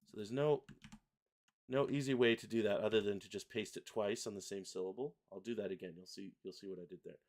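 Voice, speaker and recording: Male host for a software tutorial stream: low, gravelly, unhurried, talks while typing. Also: slight background noise. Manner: relaxed, chatty, reads lyrics aloud while typing and clicking. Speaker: host, software product designer. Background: keyboard typing and mouse clicks.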